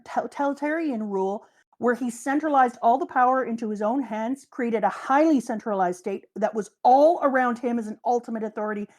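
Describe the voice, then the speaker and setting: A woman's voice: a little high, darkish tone. A middle-aged woman in casual chat on a live stream, building her points with emphatic, exasperated bursts. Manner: emphatic, exclaims mild curses for emphasis.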